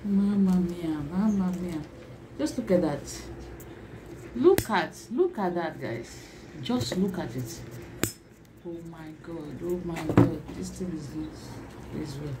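Gushing woman, slow and repetitive. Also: fairly low pitch, lively intonation, background noise. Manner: gushing, repeats exclamations over and over; laughs often between lines. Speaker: vlogger. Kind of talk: excited unboxing vlog.

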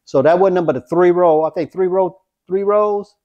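A man vlogging his craps practice, talking viewers through each throw with excitement. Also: high voice, moderate pace, highs cut off. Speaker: dice-control craps vlogger. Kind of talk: casual play-by-play while throwing dice.

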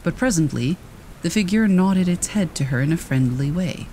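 A man giving calm, measured storybook narration of a classic tale. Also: fairly high pitch, a little hiss or hum, poor audio. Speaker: audiobook narrator.

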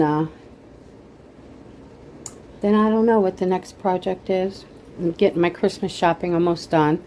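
Low-voiced emotional woman vlogging at home. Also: dark tone, low-quality recording. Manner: rambling, emotional and indignant. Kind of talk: casual chat to camera.

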